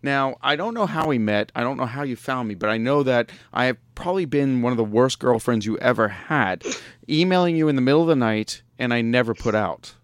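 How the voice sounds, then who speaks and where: A man's voice: medium pitch, lively intonation, brisk, clean tone, dry recording, clean studio sound. A man hosting a podcast in casual interview chat, joking and laughing often as he rambles. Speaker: podcast host.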